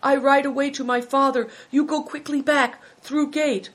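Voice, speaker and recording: A woman's voice: sits high, level tone, normal speed, voice pushed up, lightly acted. A woman doing an earnest rider in broken English.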